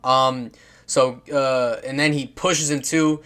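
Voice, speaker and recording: A man's voice: medium pitch, steady tone, slow pace, a bit bright, smooth. A man casually commenting on football clips, rambling and swearing, with lots of fillers, restarts and laughs.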